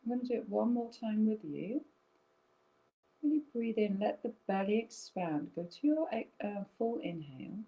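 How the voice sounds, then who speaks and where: A middle-aged woman yoga teacher leading a guided breathing session, speaking softly and slowly with gentle check-ins to her students. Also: medium pitch, lively intonation, lo-fi sound. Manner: soft, slow and soothing, with gentle check-ins. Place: home, via online stream.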